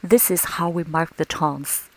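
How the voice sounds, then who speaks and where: A woman teaching a language lesson slowly and patiently, modelling sounds with clear, deliberate speech. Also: steady tone, no room sound, poor audio. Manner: clear, deliberate, models each tone with exaggerated pitch. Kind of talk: slow, patient pronunciation lesson with drills.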